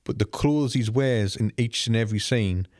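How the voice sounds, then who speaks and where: A man's voice: fairly low pitch, moderate pace, a little mellow. A man co-hosting a movie podcast, explaining points at length in casual chat. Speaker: podcast co-host.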